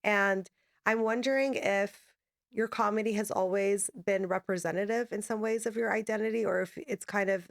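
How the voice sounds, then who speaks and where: A woman's voice: medium pitch, fairly even intonation, moderate pace, vocal fry. A woman hosting a podcast in casual chat. She talks loosely and conversationally, peppering her questions with "like". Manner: conversational, many fillers like "like". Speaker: podcast host.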